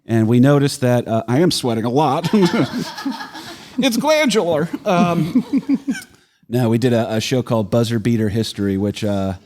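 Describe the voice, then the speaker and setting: A man talks casually as a podcast guest, in a voice of middling pitch. He mocks himself and laughs between remarks. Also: normal speed, dark tone, slight background noise. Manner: self-mocking, laughing asides. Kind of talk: casual chat.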